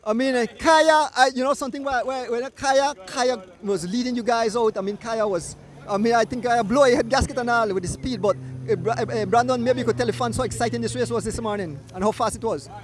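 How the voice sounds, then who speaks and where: A man with a Belizean accent giving excitable live commentary on a cycling race outdoors by the roadside, repeating riders' names in breathless bursts. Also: extremely high pitch, fairly quick, few pauses. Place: outdoors at a roadside finish line.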